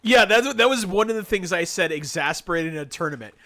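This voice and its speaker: A male streamer chats casually while playing, his stories animated and sarcastic. His voice is bright and forward, pitched a little high. Laughter often breaks into his talk. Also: quick pace.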